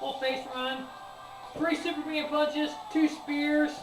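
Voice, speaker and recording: A man's voice: very high voice, flat delivery, slow. Profane, rambling man in an echoey room. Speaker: sports show host. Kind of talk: casual wrestling event review. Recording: echoey room, distant mic, music behind.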